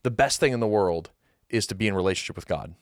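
A man's voice: on the low side, lively intonation, fast talker, no echo, studio quality. A man hosting a podcast, talking through a Bible passage in an earnest, reflective way and thinking aloud. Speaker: podcast host. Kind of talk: casual conversation about the Bible.

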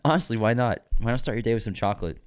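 A man's voice: medium pitch, very fast. A man co-hosting a casual podcast, rambling with lots of fillers and restarts. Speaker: podcast host. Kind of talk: casual chat.

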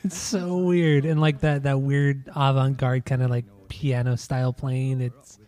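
A man's voice: mid-range voice, monotone, measured pace, mellow. A man co-hosting a casual music podcast, talking loosely, swearing and trailing off mid-thought. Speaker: podcast co-host. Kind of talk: casual chat about music.

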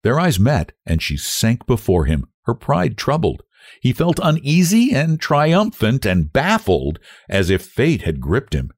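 A man reading a novel aloud in measured, expressive storytelling. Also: mid-range voice, no echo, clean studio sound. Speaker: audiobook narrator. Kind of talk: scripted narration of a novel.

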